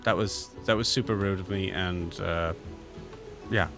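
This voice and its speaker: A man voicing a sheepish female shopkeeper with a faint Irish accent, apologizing in halting, rambling bursts. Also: sits low, steady tone, over music. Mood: apologetic.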